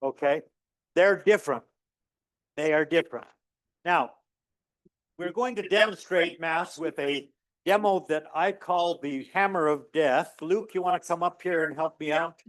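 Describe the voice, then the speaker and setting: Speaking a little slowly in a slightly high male voice, a middle-aged physics lecturer tells lively stories in a lecture hall, acting out dialogue with rising pitch. The audio is close and dry, without room echo, as if from a lapel mic.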